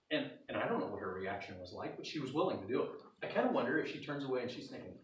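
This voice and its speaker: Folksy preacher in a roomy hall. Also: male voice, medium pitch, huge pitch swings, fast, recorded from a distance. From North Idaho. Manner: folksy storytelling, acting out scenes. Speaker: pastor. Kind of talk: sermon. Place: church sanctuary.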